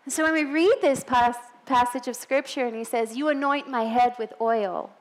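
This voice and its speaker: A woman's voice: a little high, moderate pace, rough recording. A middle-aged woman with a non-American English accent, preaching a sermon in a church in a chatty way with joking asides.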